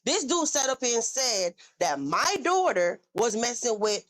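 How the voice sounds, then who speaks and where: This livestream host has a fairly high, slightly bright, very animated voice, delivered at a measured pace in a Southern US accent. Her heated rant aims confrontational, profane anger at her critics.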